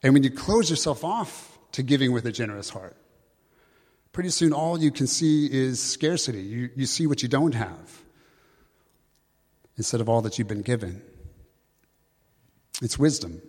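Man, pastor, sermon, earnest and conversational, medium pitch, long church-hall reverb. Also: expressive, a little mellow, breathy edge. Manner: earnest, conversational, slows for scripture.

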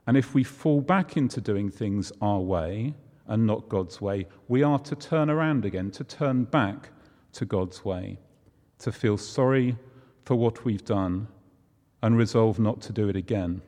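A man's voice: on the low side, unhurried, dark tone. A man preaching a conversational sermon, using props and everyday examples. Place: church hall. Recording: long hall reverb.

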